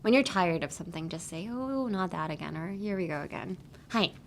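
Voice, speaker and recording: A woman with a fairly low voice talks through a language lesson as a podcast host. Her delivery is relaxed and chatty, full of "like" and "um". She switches between English and Japanese as she explains. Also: a little fast, slight background noise. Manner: chatty, explains phrases with many "like" and "um" fillers. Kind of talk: casual teaching chat.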